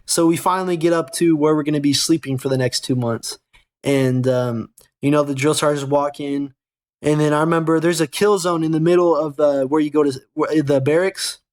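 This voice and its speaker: A man's voice: on the high side, fairly even intonation, moderate pace, a little mellow. A young American man hosting a gaming channel, telling a casual, rambling, profane story with self-corrections. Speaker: gaming channel host and soldier.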